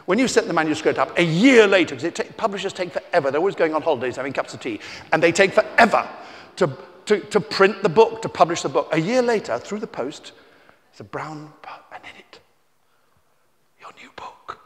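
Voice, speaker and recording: A man, a children's author, telling stories to a young audience in a theatrical, teasing way, shifting between shouts and hushed asides, recorded on a tie-clip mic at an indoor festival venue. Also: fairly high pitch, expressive, quick pace. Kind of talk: live storytelling talk to children. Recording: reverberant hall.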